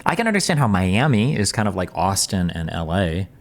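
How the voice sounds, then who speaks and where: A man's voice: low-pitched, very animated, brisk. A man streaming and reacting to clips, rambling in a wry, sarcastic way to his chat at his desk mic. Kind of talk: casual reaction commentary.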